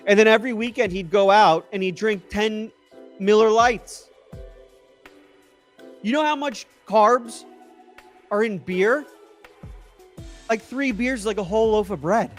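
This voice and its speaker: An excitable man talks loosely in a casual livestream, rambling, breaking off and picking his thought up again. His voice sits a little high for a man. Faint music plays underneath. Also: measured pace, pauses often. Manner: rambling and excitable, trailing off and restarting. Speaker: tech YouTuber answering live chat.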